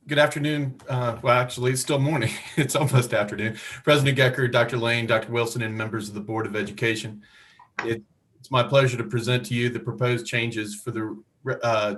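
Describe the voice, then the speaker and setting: A man presents revised regulations to a board, reading prepared remarks in a formal tone at mid pitch. Occasional fillers break up his delivery. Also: fairly bright tone. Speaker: education department staff presenter.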